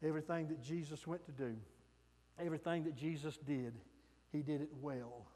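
A man preaching a sermon, swinging from loud emphatic peaks to soft hushed lines. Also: a little high, fairly even intonation, normal speed, big-room sound.

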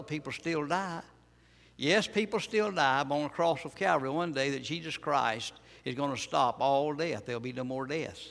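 A male pastor delivers a sermon with a gravelly, mid-pitched voice. He drives his points home through repetition and rhetorical questions. The sound rings out with a long echo in a church hall. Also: a bit bright.

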